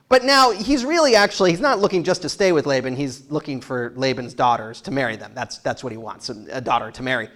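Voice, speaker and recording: A male pastor preaching a sermon, retelling a Bible story with lively asides, chuckles and quick quoted voices. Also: mid-range voice.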